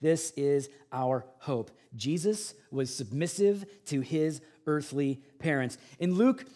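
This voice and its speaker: A man in his forties preaching a sermon, animated, acting out mocking voices and swinging between loud and hushed delivery. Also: a little high, slow pace. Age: 40s. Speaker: pastor.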